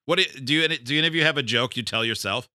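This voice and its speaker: Male show host, reads listener texts with a teasing edge; very bright, dry sound. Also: medium pitch, quick pace, dry recording. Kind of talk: casual comedic banter.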